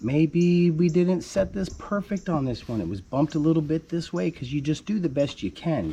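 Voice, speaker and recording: A man's voice: on the high side, mellow, dull audio, slight background noise. A man casually explaining construction work at his building site, joking around as he goes. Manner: playful, joking, calls viewer "baby cakes". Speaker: homesteader building his house.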